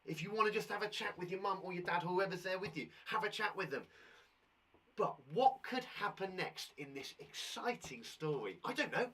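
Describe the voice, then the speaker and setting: A British man teaching young children live over the internet, his voice a little husky and pitched fairly high. He talks to the kids at home with lots of rise and fall, and he reads the story aloud slowly. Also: distant mic. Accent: British English. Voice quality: husky, animated. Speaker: primary school teacher. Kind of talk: live online lesson for children.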